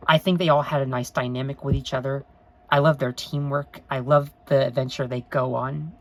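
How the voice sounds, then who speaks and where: A woman's voice: extremely low pitch, fairly even intonation, normal speed, low-quality recording. A woman talking to camera in an unscripted review vlog, earnest and rambling, gushing with emotion and often apologizing. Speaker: vlogger.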